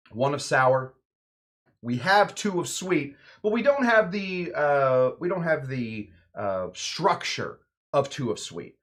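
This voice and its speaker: A man hosts a home cocktail show, chatting casually and joking around while mixing a drink. His voice is mid-range with a fairly bright tone, and he's playful, jokey and prone to rambling asides.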